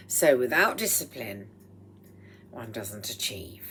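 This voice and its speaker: A woman vlogging at home with a throaty, strained voice, speaking in a slow, deliberate and slightly formal way and often dropping into breathy whispered asides. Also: deep voice, expressive, fairly bright tone, slight background noise. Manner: proper, slightly formal phrasing. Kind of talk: rambling personal vlog monologue. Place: at home while cooking. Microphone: speaking into a microphone.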